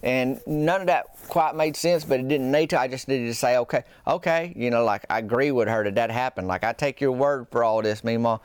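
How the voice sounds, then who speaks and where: A man's voice: medium pitch, brisk, few pauses, clear, resonant tone, dry recording. A man hosting a podcast, telling a comic story in a folksy, meandering, self-deprecating way. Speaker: podcast host.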